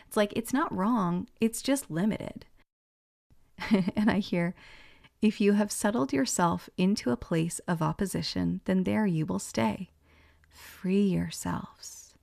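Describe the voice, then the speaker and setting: Creaky-voiced woman channeling spiritual messages. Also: lowish voice. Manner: relays what she hears and sees, gentle and musing, laughs often.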